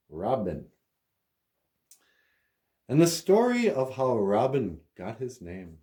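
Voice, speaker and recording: A man's voice: on the low side, dark tone. A man telling a comic story as a storyteller, rambling with lots of fillers and laughs.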